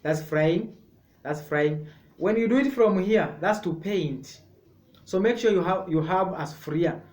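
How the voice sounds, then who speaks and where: A man leads a sign language lesson in a slightly raised voice. He talks very slowly, repeating each word as he explains. The echoey room gives his voice a hollow ring. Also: sits high, a little mellow. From Kenya. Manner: slow, repetitive, explaining step by step.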